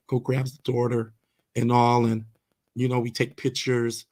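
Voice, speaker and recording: A man's voice: medium pitch, level tone, normal speed, a little mellow. A man, a karate instructor, talking as a guest on a podcast, telling stories earnestly with many fillers and restarts. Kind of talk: casual storytelling interview.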